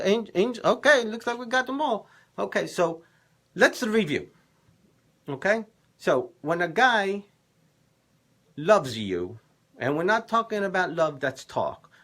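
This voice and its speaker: A man's voice: high voice, vocal fry, a bit bright, heavily acted. A man playing a boisterous, middle-aged Italian male love professor, giving dating advice in broken English with a put-on Italian accent and theatrical emphasis. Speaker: relationship coach. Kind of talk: comedic in-character advice livestream.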